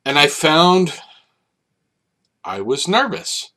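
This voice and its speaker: A man's voice: on the high side, very animated, takes it slowly, bright, forceful tone. A man hosting a solo podcast, rambling reflectively with many fillers and restarts. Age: adult, over 30. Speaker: podcast host. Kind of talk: casual solo monologue.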